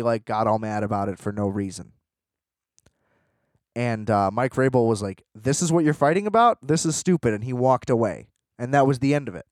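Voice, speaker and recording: A man's voice: medium pitch, a little mellow, dry recording, clean studio sound. A man hosting a sports podcast, ranting in a frustrated, profane, rambling way with many fillers. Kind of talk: casual sports rant.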